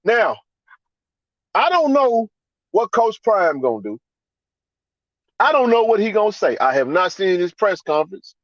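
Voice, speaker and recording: A man's voice: sing-song, unhurried, pauses often, fairly bright tone, dry recording. A man hosting a live sports reaction stream, ranting in a fired-up, profane way and repeating himself for emphasis. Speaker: podcast host. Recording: dry, dull low-fi sound.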